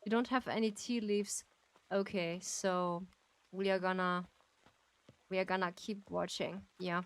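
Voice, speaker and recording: Slow-talking giggly woman streamer. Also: lowish voice, steady tone. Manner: giggly, chatty, thanks viewers warmly. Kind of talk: casual livestream chat while playing a game.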